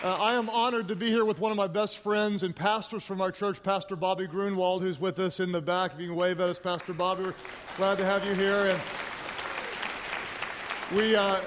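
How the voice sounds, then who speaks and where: A middle-aged man from Oklahoma, a guest pastor preaching in an energetic, joking, self-deprecating way. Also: sits high, normal speed, noisy background. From Oklahoma, United States. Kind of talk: sermon. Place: large church sanctuary with congregation. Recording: hall reverb with crowd.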